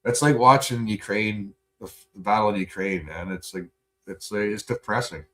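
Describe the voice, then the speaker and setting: A man's voice: fairly low pitch, moderate pace, fairly bright tone. A male livestream host in a profane, rambling casual rant, laughing often.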